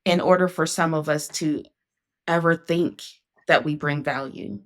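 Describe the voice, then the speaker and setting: A woman's voice: sits low, steady tone, measured pace. A woman hosting a casual conversation, telling her story in an earnest, reflective way. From Northeast Ohio, USA. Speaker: podcast host.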